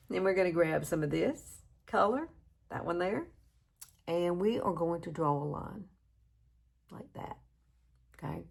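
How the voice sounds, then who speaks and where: A woman's voice: on the low side, creaky, darkish tone, breathy edge. A Southern woman from Alabama in her fifties, chatting casually through a makeup tutorial and laughing at herself often. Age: 50s. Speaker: beauty vlogger.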